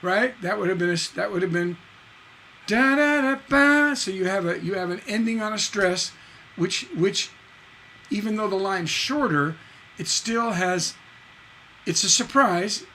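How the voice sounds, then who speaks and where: A man's voice: high-pitched, moderate pace, a bit bright, a little hiss or hum. A man teaching a live-streamed songwriting lesson, casually explaining lyric stresses, singing and humming lines and tapping out da-da rhythms to show them. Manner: explains casually, checks in with "right?" and answers chat. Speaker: songwriting instructor.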